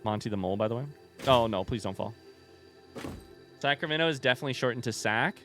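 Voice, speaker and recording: A man's voice: mid-range voice, quick pace, music in the background. A young man streaming a game, chatting casually with his viewers in a rambling, joking way and often breaking off mid-sentence. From United States. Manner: rambling, self-interrupting, joking asides. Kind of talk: casual livestream chat with viewers.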